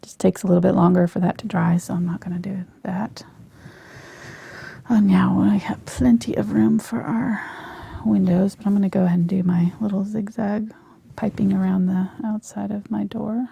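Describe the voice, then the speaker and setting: A woman teaching a live painting lesson on a lapel mic, soft-spoken and often dropping to a near whisper as she works. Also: mid-range voice, steady tone, moderate pace, creaky, slightly rough. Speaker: painting instructor.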